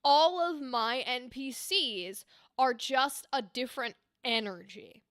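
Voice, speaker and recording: A young woman voice actor chatting casually on a livestream, animated and explaining with demonstrations. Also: sits high, takes it slowly, no room sound, clean studio sound. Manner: animated, talks with her hands, explains with demonstrations. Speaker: streamer and voice actor. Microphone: desk microphone.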